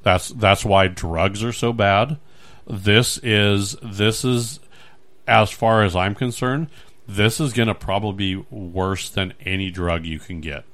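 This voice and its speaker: Man, podcast host, casual chat, rambling, low-ish voice. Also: slow pace. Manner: rambling, animated, acts out little scenes.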